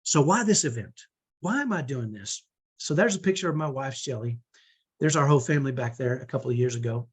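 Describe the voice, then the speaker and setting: A man's voice: mid-range voice, animated, brisk, husky. A man in his fifties giving an online parenting training, earnest, motivational and direct. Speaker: parenting coach.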